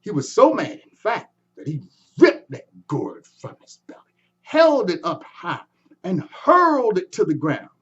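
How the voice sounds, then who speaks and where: A man telling a folktale in an animated way, adding sound effects and inviting the audience to join in. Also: high-pitched, unhurried, slightly rough, dull audio. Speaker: storyteller. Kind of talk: folktale storytelling performance.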